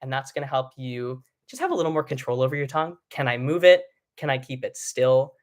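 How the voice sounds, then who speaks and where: A man's voice: medium pitch, brisk. Man coaching singing on a live stream. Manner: relaxed explaining with sung vocal demos. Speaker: vocal coach.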